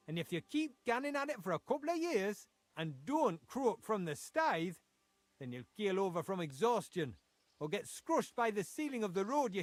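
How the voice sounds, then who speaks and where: Gruff geordie foreman guy in a game, high lively voice, dry studio sound. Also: no room sound. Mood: scornful. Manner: blunt, dialect-heavy, grumbling. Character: gruff male mine foreman, blunt and impatient. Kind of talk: video game voice acting.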